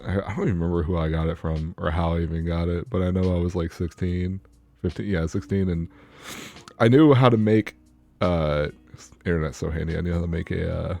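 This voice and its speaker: A man's voice: low voice, brisk, gravelly, a little mellow. A man telling a rambling, profane story in a casual chat among friends on a podcast. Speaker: podcast co-host.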